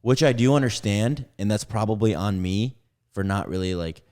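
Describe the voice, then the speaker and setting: A man's voice: on the low side, moderate pace. A young man casually telling a rambling story on a podcast, acting out what each person said. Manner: rambling, animated retelling with acted-out quotes.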